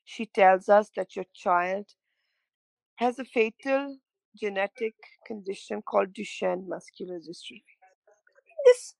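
A middle-aged woman, a parent telling her story in an interview, halting and emotional, often repeating words. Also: mid-range voice, vocal fry, a little mellow, dry recording, rough recording. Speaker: parent of a child with a rare illness, interview guest.

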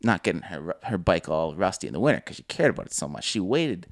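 A young man co-hosting a casual podcast, telling an animated story and swearing freely. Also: low-pitched, fast, no room sound, clean studio sound. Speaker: podcast co-host.

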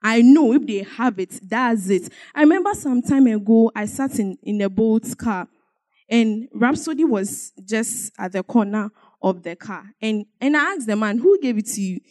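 A woman's voice: a little high, expressive, moderate pace, a little mellow. A woman giving an emotional church testimony, telling her story emphatically with repetition and bursts of laughter.

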